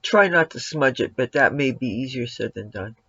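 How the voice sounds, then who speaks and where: A man's voice: medium pitch, animated, moderate pace, bright, forceful tone, breathy edge, no room sound. A man giving a casual makeup tutorial at home, rambling and breaking off to talk to his cat. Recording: dull lo-fi, dry sound.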